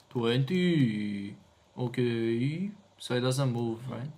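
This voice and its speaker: A young man chatting casually to his viewers while editing video, excitable and swearing as he works. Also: mid-range voice, measured pace. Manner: excitable, swears, talks to chat. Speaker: video editor streamer.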